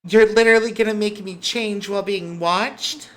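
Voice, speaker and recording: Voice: mid-range voice, expressive, fairly quick, pitched above the performer's own voice, lightly acted. A game master voicing a defiant nineteen-year-old girl in a tabletop game, whining and protesting. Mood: sulky. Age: teenager. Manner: indignant, whiny complaints.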